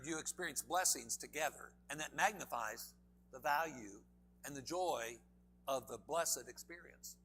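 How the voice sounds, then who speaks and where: A man's voice: fairly high pitch, pushed and bright, slight background noise. A man preaching a sermon in a church, emphatic and full of questions to the congregation. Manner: emphatic, asks the audience many questions.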